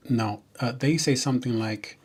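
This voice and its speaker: A man, a software developer, chatting casually and jokingly on a livestream, rambling with many fillers and restarts. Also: mid-range voice, normal speed, slightly rough.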